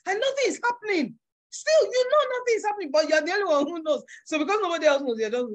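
A woman giving a motivational business workshop in a forceful, preacher-like way, acting out little voices. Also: high voice, big pitch swings, quick pace. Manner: emphatic, preacher-like, acts out voices with big swings.

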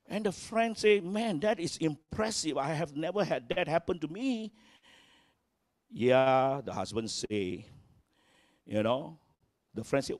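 Slow, emphatic preacher. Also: male voice, expressive, no room sound, studio quality. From Malaysia. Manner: emphatic preaching, swinging pitch and volume, acts out quotes. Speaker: pastor. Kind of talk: sermon. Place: church.

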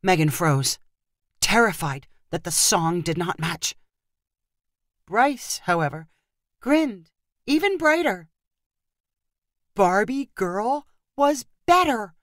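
A woman reading a humorous short story aloud in scripted narration with expressive storytelling. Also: mid-range voice, slow pace, pauses often, no room sound, studio quality. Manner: expressive storytelling, lively intonation.

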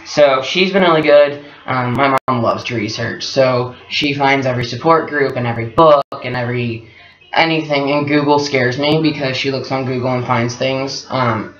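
A man in his twenties, telling a personal story in a candid, reflective, soft-spoken way. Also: mid-range voice, normal speed. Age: 20s. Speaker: guest partner. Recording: echoey room, dull lo-fi sound.

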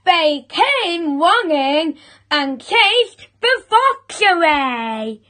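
A woman reading a children's picture book aloud in a slow, expressive storytelling voice. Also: extremely high pitch.

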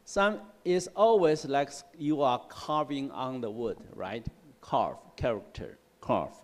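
A male English teacher giving a classroom lecture on word roots, explaining slowly and repeating himself, often checking with "right?" and "okay?". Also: mid-range voice, animated. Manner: slow, repetitive explaining with frequent "right?" and "okay?". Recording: long hall reverb in a classroom.

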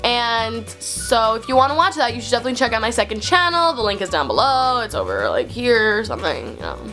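A chatty young woman talking straight to her camera at home, her voice sitting a bit high. She rambles in a bubbly way, scattering "like" through every sentence, with faint music playing underneath. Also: sing-song, fast, pushed and bright. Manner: chatty, bubbly, heavy use of "like". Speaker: vlogger. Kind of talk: casual haul video chat.

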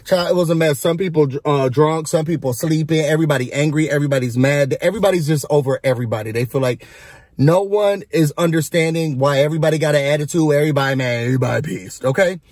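A man's voice: on the high side, fast, a little mellow, no room sound, clean studio sound. A man hosting a casual, gossipy recap of a reality show, sassy and chatty as he talks straight to his viewers.

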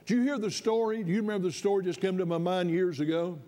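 Male pastor, high voice, sermon storytelling that climbs to fervent emphasis. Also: quick pace, mellow.

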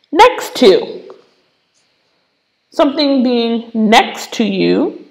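Woman, kids' English teacher, unhurried delivery with a gravelly edge, patient and playful. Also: medium pitch, low-quality recording. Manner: slow, patient explaining with playful asides. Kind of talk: online lesson for kids.

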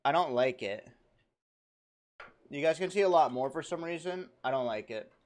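A young man live-streaming in casual chat, animated and profane as he jokes back at his viewers. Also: fairly high pitch, normal speed. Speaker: livestreamer.

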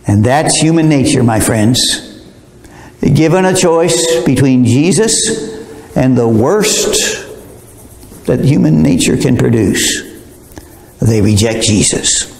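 A man's voice: medium pitch, expressive, takes it slowly, gravelly, long pauses, darkish tone. Man preaching in an echoing hall. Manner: conversational, digressive, addresses listeners directly. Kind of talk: verse-by-verse Bible sermon. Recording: roomy hall reverb.

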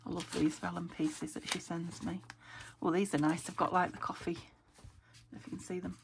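A woman from England, a craft vlogger, sorts craft papers in her home craft room and talks casually, thinking aloud and frequently whispering to rest her weak voice. She speaks at normal speed in a lowish, gravelly, level tone. The low-quality recording carries a little hiss or hum plus paper crinkling and clicks.

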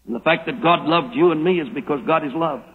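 Husky man preaching hard, dramatic slow phrases, old muffled radio broadcast, long echoey reverb. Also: on the high side. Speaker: pastor. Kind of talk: radio Bible teaching sermon.

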